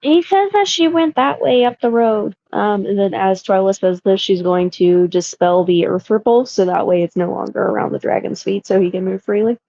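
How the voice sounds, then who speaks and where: A woman's voice: mid-range voice, normal speed, creaky, hardly any pauses, mellow, no room sound. Woman player on a dull, dry mic. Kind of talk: casual tabletop play.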